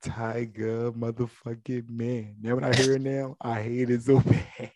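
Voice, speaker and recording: A man's voice: medium pitch, completely flat delivery, unhurried, warm tone, no echo. A young man in casual chat, talking in a laid-back, slangy way that often drops to a mumble.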